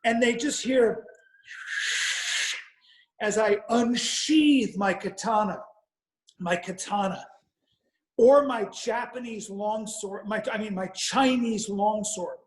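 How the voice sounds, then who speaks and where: A man's voice: sits high, slow pace, pauses often, reverberant, low-quality recording. A man telling a rambling, profane comic story on a podcast, with frequent restarts. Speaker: podcast guest or co-host.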